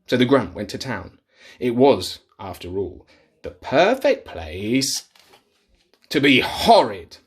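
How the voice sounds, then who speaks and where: A man reading a picture book aloud to children in a playful, animated way, sometimes dropping to a whisper. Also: mid-range voice, takes it slowly, husky. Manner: animated, playful, drops to whispers for gross bits. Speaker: children's storyteller. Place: office.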